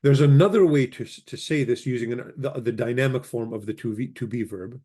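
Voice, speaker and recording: A man teaching a casual grammar lesson. He explains in a relaxed way and slowly repeats each word form. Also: medium pitch. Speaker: language teacher.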